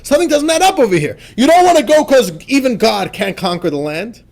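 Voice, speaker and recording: Animated, high-voiced man teaching. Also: fairly quick, vocal fry. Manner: animated, asks the listeners rhetorical questions; chatty and informal, with frequent fillers like "right?" and "you know". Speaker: rabbi teaching a class. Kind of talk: explanatory lesson on a religious text.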